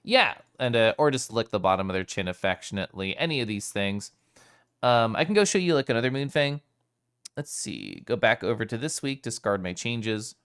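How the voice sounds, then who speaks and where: A male streamer chatting with his live chat in a playful, giggly way, greeting viewers by name. His voice is smooth and resonant, and his pitch swoops up and down a lot. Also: very animated, brisk, fairly bright tone.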